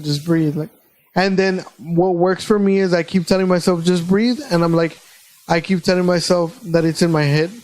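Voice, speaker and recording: High-voiced man telling a story. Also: low-quality recording. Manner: animated, swearing, quick retelling. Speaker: podcast co-host. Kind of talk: casual storytelling.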